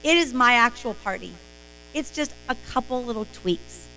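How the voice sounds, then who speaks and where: A woman's voice: on the high side, lively intonation, moderate pace, vocal fry, sharp tone, a little hiss or hum, rough recording. A woman hosting a live-stream sales training, talking in an emphatic, motivational way.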